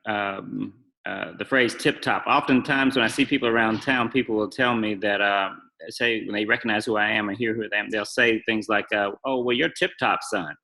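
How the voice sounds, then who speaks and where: Guy interviewing his dad, bright voice, lots of uh and um before asking stuff. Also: lowish voice, steady tone, normal speed, vocal fry, low-quality recording. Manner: hesitant, many fillers before questions. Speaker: host interviewing his father. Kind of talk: casual interview.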